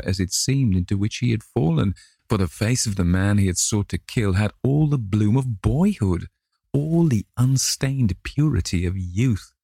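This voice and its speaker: A man narrating a classic novel in a measured, dramatic reading. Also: sits low, vocal fry, warm tone, slightly rough, no room sound, studio quality. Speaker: audiobook narrator.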